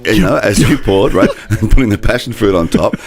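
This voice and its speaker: A middle-aged man spins a long story as a talk show guest. His voice sits very low but moves around a lot, and he slips into the voices of the people in his story. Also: lively intonation, a little fast, faint music behind. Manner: rambling storyteller, acts out other voices.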